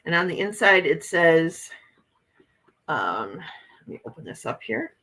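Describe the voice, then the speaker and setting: A woman's voice: low-pitched, sing-song, a little slow, gravelly, pauses often, bright, forceful tone, husky, low-quality recording. A woman hosting a casual morning livestream, chatting with viewers and reading their comments aloud as she shows oracle card decks.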